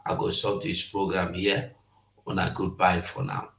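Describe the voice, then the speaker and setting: A deep-voiced Nigerian man hosting a livestream. He talks slowly and steadily, mixing Pidgin with English. His voice echoes around a roomy space. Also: flat delivery, vocal fry, fairly bright tone. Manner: mixes Pidgin and English, measured. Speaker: host. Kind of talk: casual livestream commentary. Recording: roomy echo.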